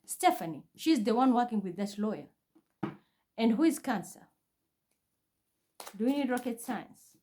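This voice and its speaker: A woman's voice: fairly high pitch, animated, measured pace, long pauses, dark tone. A woman vlogging from home in an intense, accusatory, repetitive monologue. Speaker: spiritual reader vlogger. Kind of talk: agitated monologue to camera. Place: her home.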